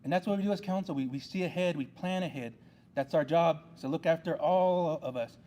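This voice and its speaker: A man's voice: on the high side, a little fast, mellow. A man serving on a tribal council, giving an earnest ceremony speech with a repetitive, rallying delivery.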